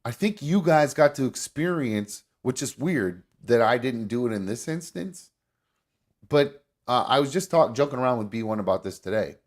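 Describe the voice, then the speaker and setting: A man hosting a casual talk show, rambling and swearing freely as he thinks out loud. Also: mid-range voice, lively intonation, normal speed. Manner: rambling, profane, restarts. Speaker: host. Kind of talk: casual chat.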